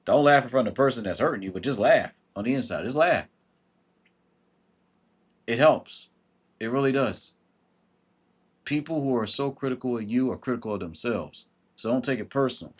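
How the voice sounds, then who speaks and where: Husky, blunt man hosting a livestream. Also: medium pitch, lively intonation, moderate pace, pauses often. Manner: blunt and emphatic, swears, greets viewers by name. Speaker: livestream host giving astrology advice. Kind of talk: casual livestream advice talk.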